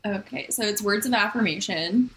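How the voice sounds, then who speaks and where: A woman's voice: mid-range voice, normal speed, fairly bright tone, low-quality recording. Matter-of-fact woman explaining on a podcast. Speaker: podcast co-host. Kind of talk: casual podcast chat.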